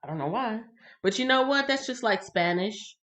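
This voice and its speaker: A woman hosting a casual livestream Bible reading, chatty and lively, laughing and greeting viewers by name. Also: on the high side, normal speed.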